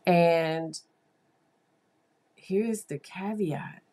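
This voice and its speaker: A woman therapist telling a story to her listeners in a casual monologue, animated and confiding, with asides to them. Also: on the low side, very slow.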